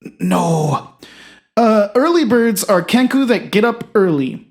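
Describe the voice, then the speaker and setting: A man's voice: high-pitched, animated, voice pushed up. A man voicing a gloomy, hesitant older man with a solemn oddball manner who halts and restarts often, in a comedy sketch. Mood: deadpan. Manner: halting, full of uh and restarts.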